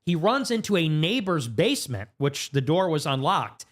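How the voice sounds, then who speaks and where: A man as a podcast guest, recounting a story in a fast, animated way with sudden pitch jumps. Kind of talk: casual storytelling interview. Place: podcast studio.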